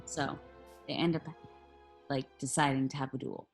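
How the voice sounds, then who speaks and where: A woman's voice: very deep voice, flat delivery, moderate pace, soft background music. Tipsy young woman retelling a play. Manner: loose, slangy, swearing, acts out lines. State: drunk. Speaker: drunk narrator.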